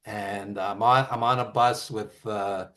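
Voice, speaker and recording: A man telling road stories as the guest of an interview, animated and quick to act out quotes. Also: on the low side. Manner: animated anecdotes with acted quotes and laughs. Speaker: author and wrestling writer, guest. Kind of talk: casual storytelling interview.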